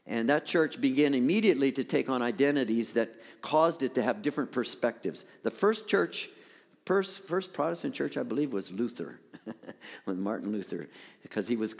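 A man preaches a sermon to his congregation, his voice swinging widely and climbing to emphatic peaks. His voice sits a little high for a man. The sound carries the long reverb of a church hall. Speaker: pastor. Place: church sanctuary.

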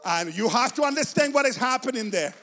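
A man's voice: very high-pitched, expressive, a little fast, fairly bright tone, long reverb tail. A man preaching a sermon with passion and emphasis, repeating phrases to drive his points home.

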